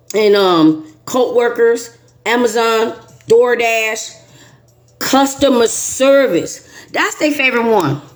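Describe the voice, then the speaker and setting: A woman, the host and a teacher, chatting casually with a guest as an animated, emphatic storyteller. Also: mid-range voice.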